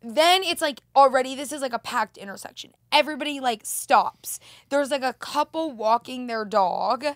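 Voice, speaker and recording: A woman in a casual chat as a podcast guest, telling a story with animated acted-out exclamations. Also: sits high, moderate pace, hardly any pauses, no echo, clean studio sound. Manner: animated storyteller, acts out her own yelps.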